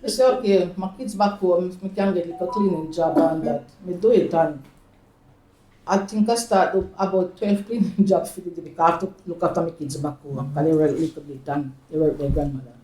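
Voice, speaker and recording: A woman's voice: fairly low pitch, a little fast, warm tone. A Jamaican woman in her fifties tells personal stories in an interview, laughing often and slipping into patois. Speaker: oral history interviewee. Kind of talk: personal storytelling. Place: community centre room. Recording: echoey room.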